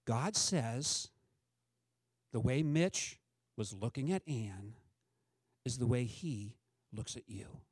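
A man's voice: mid-range voice, animated, slow, long pauses, mellow, slightly rough, no echo. A middle-aged man preaching a sermon as a pastor, talking in a conversational way and asking the congregation questions.

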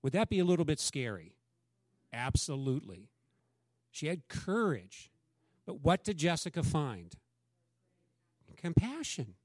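A man's voice: fairly high pitch, big pitch swings, measured pace, long pauses, no echo, studio quality. A man, a pastor, preaching a conversational sermon and acting out quoted dialogue.

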